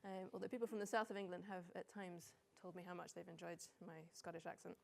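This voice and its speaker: A woman's voice: fairly low pitch, fairly even intonation, fast, vocal fry, darkish tone, slight background noise. A woman in her forties, a data visualization consultant, giving a chatty, self-deprecating conference talk with frequent "um" fillers.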